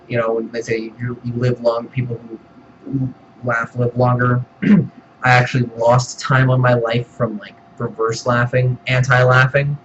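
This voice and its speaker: A man's voice: mid-range voice, fairly bright tone, a little hiss or hum. Exasperated man ranting in a lo-fi recording. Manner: exasperated, swears often, mock quotes. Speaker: movie reviewer. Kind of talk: profane ranting film review.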